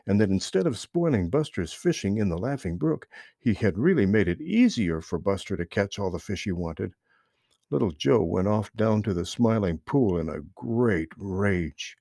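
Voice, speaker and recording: Male storyteller for kids' audiobook, gravelly, pitch all over the place. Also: dry recording, clean studio sound. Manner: expressive, animated reading. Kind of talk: storybook reading aloud.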